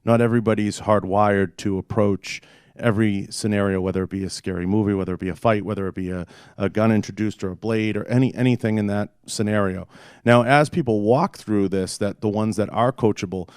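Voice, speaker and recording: A man's voice: on the low side, steady tone, fairly quick, darkish tone, clean tone, dry recording, clean studio sound. A man hosting a podcast, asking long, earnest questions in a casual interview. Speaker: podcast host.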